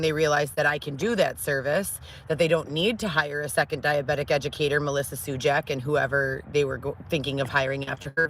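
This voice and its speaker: Bright-voiced woman on a profane rant. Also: mid-range voice. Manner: animated, profane, mimics others in raised voice. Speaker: live-stream guest ranting about past job. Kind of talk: ranting live-stream monologue.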